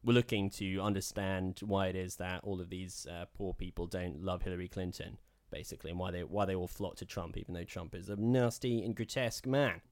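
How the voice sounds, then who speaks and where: Sardonic man with a low voice. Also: steady tone, brisk, few pauses, darkish tone, no echo, clean studio sound. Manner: sardonic, rambling with restarts. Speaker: podcast co-host. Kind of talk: casual political chat.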